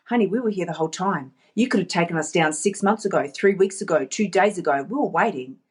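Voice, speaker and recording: A woman's voice: on the low side, expressive, fast, darkish tone, slightly rough, pitched below the performer's own voice. Patient shelf-bound dreams, as a woman puts them on. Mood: gently reproachful.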